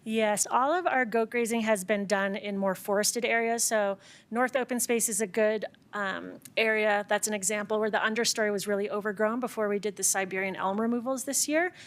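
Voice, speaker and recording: A woman on the city staff answers council questions at a public meeting. She explains clearly and methodically in a mid-pitched, even voice, laying out each point in order. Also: brisk. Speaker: city open space staff member. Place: council chamber.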